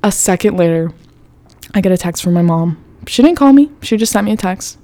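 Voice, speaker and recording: A young woman in her twenties hosting a podcast, telling a story in a loose, chatty way full of fillers and casual swearing. Her voice sits somewhat low for a woman. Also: lively intonation, brisk, warm tone. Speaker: podcast host.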